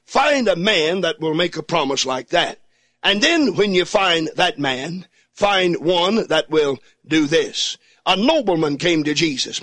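A man preaching a fervent sermon from a studio, repeating his phrases and building to shouts. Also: high voice, lively intonation, measured pace, no room sound. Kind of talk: radio sermon.

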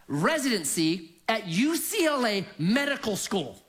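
Animated man telling a funny story. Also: high voice, moderate pace, hardly any pauses, slight background noise. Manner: animated, acts out his own reactions; chuckles through lines. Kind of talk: humorous personal storytelling.

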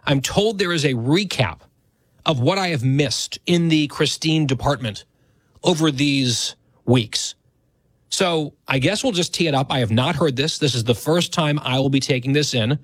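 A man's voice: on the high side, normal speed, no room sound. A man in his thirties hosting a radio talk show, speaking in a conversational, self-deprecating way.

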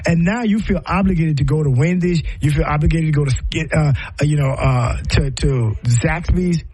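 Husky middle-aged man rambling. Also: on the high side, normal speed, darkish tone, poor audio. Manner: rambling, many restarts and repeated words. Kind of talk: casual reflective monologue.

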